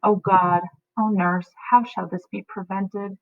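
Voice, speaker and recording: A woman's voice: medium pitch, fairly even intonation, a little slow, no echo, natural voice. A woman voicing a desperate young noblewoman, pleading and anguished. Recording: tinny phone-like audio.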